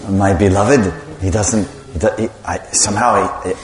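A man's voice: fairly low pitch, fairly even intonation, moderate pace, voice pushed down, natural voice. A man voicing an anxious young woman who frets aloud about a dish she cooked, in an echoey hall. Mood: fretful. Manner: flustered, fretting aloud.

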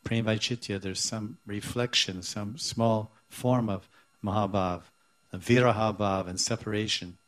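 A man giving a devotional lecture, explaining scripture in a halting, searching way with many restarts. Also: fairly low pitch, steady tone, a bit bright. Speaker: spiritual teacher.

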